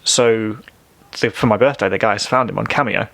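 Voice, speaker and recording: A man's voice: fairly low pitch, steady tone, normal speed, vocal fry, fairly bright tone. A young man, a band member guest on a podcast, speaking earnestly and enthusiastically in casual chat.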